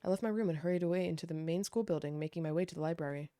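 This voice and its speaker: A woman streamer reading a game's narration aloud in a steady narrative manner. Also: fairly low pitch, rapid-fire, soft background music. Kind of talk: reading game text aloud.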